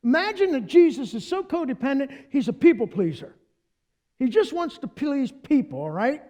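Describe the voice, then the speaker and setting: A male pastor preaching a sermon with a very high-pitched voice. He is animated and playful, and he speaks directly to the congregation, inviting them to join in. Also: normal speed.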